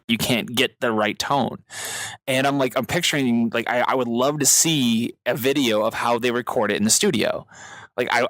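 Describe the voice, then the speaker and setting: A man co-hosting a podcast in casual chat, excitable, laughing often and slipping into quick voice impressions. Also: mid-range voice, no echo. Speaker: podcast co-host.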